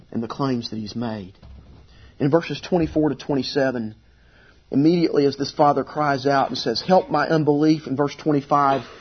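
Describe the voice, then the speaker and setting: A middle-aged man preaching a sermon as pastor, earnest and emphatic, sometimes voicing pleas at a higher pitch. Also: breathy edge, lo-fi sound.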